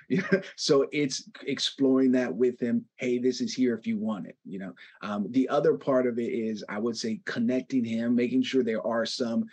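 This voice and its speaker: A man who works as a therapist, a guest giving calm, measured advice to a parent. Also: mid-range voice, slightly rough, dull audio. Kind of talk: advice in an interview.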